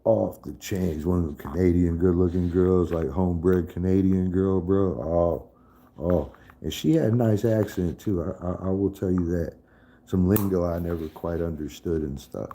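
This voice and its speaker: A man's voice: low voice, normal speed, mellow, slight background noise. A man in a casual live stream chat, profane and trash-talking, laughing often.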